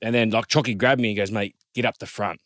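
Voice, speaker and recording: An Australian man in his thirties, a former rugby league player telling an animated story in casual chat, quoting others in lively voices. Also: fairly low pitch, fast, no echo, studio quality.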